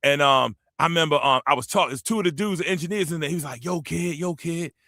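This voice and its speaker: A man in his fifties from the Washington, D.C. area spins slang-heavy stories for a casual panel chat. His voice sits high and cuts through crisply. The sound is close and dry. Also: very fast, dry recording. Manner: animated storyteller, slang-heavy, acts out quotes. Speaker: panel host.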